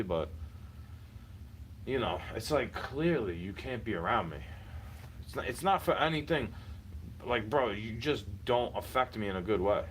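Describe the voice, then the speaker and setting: A man of medium pitch swears his way through a frustrated, repetitive rant, talking directly to someone he's had enough of. The recording is poor, with a little hiss or hum.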